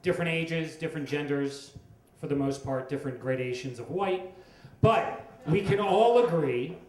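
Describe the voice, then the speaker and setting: A middle-aged man telling a comic story on stage at a storytelling event, wry and with dramatic pauses. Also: fairly high pitch. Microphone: stage microphone. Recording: echoey live room with faint noise.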